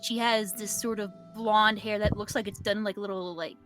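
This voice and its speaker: A woman's voice: medium pitch, fairly even intonation, moderate pace, fairly bright tone, soft background music. A woman narrating as game master in a casual tabletop game, chatty and full of fillers.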